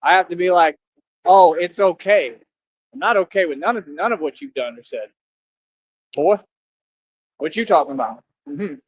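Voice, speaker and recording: A man's voice: on the high side, animated, normal speed, pauses often, husky, no room sound, muffled recording. A man hosting a livestream, talking casually to his chat and mocking commenters in a combative way. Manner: combative, mocking, talks back to viewer comments. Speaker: livestream host.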